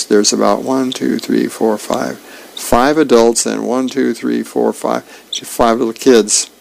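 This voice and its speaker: A man who volunteers as a radio reader, reading comic strips and announcements aloud in a relaxed, plain way with fillers. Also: mid-range voice, vocal fry, low-quality recording.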